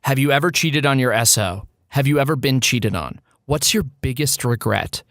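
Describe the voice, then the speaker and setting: A man's voice: mid-range voice, normal speed, a bit bright, no echo, clean studio sound. A man co-hosting a comedy podcast, reading out questions in a playful, teasing way and laughing often. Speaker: podcast co-host asking questions. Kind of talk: casual chat.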